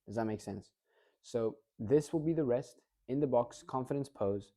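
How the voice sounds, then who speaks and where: Dark-voiced man coaching public speaking. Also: mid-range voice, moderate pace. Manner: energetic, demonstrative, checks in with the listener often. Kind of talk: casual instructional talk.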